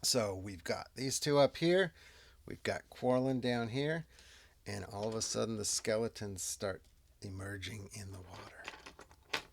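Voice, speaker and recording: A man narrates a solo tabletop game in a relaxed, unhurried way, thinking each move through aloud. His voice sits low and carries a gravelly fry. He often drops into quiet muttered asides to himself.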